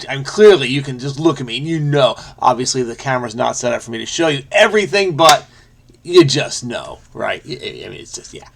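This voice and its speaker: A man's voice: fairly high pitch, vocal fry, a bit bright. A man hosting a crossword video, solving casually and thinking aloud, trailing off and making self-amused asides.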